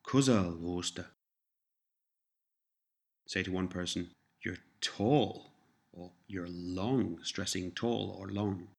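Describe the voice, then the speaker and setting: A man reads a language course in a slow, deliberate way, with a fairly low voice. He speaks each prompt and then says each answer twice, giving the learner time to repeat. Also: fairly even intonation, gravelly. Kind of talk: scripted language lesson narration.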